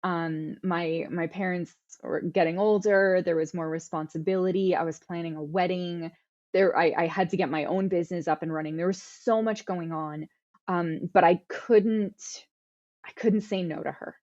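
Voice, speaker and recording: A woman's voice: fairly low pitch, fairly even intonation, moderate pace, darkish tone, dull audio. A woman in her thirties answering interview questions earnestly, often restarting and repeating words as she thinks. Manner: earnest, self-correcting with repeated words and fillers. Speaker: guest author.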